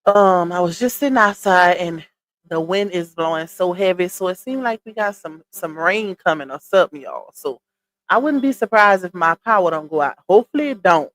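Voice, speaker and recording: A woman's voice: on the low side, lively intonation, moderate pace, fairly bright tone. A woman hosting a casual livestream, chatty and greeting her viewers by name, a little winded from a cold. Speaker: livestream gossip host. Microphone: computer streaming setup.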